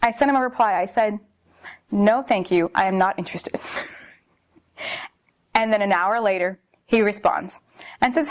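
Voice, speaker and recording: A woman's voice: medium pitch, normal speed. A young woman vlogger telling a bad first date story in a casual, exasperated way, full of "like" and "seriously.". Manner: exasperated, animated storyteller who repeats "like" and "seriously".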